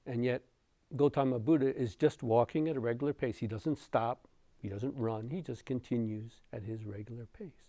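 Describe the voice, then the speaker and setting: A man giving a dharma talk as a meditation teacher, telling a story in an unhurried way with soft chuckles. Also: medium pitch, no echo.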